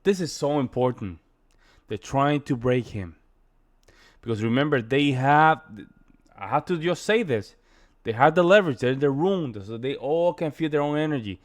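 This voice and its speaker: A man's voice: mid-range voice, expressive, moderate pace. A man commenting on a debate clip for his viewers, emphatic and repeating his points. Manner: emphatic, repetitive, addressing viewers. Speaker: reaction video host. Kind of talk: reaction commentary.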